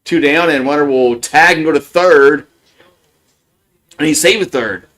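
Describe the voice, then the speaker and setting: A man doing casual live play-by-play, rambling between pitches, repeating words and chuckling often. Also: a little slow, a bit bright.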